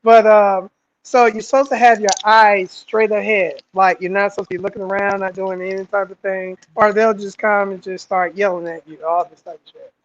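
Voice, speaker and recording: A man's voice: high voice, moderate pace, dull audio, a little hiss or hum. A man with a Southern American accent telling a story in casual chat, acting out the voices of the people in it. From Southern United States. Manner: animated, acts out voices in stories. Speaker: guest fighter.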